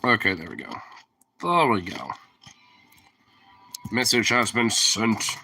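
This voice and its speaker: Deep-voiced, sharp-toned, sniffly male streamer. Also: sing-song, takes it slowly. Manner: rambling and profane, heavy on fillers. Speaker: livestreamer. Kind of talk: casual stream chat.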